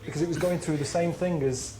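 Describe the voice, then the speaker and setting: Deadpan grumbling man. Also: a little high, fast talker, reverberant. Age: 30s. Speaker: guest on a comedy commentary. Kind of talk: casual comedy chat.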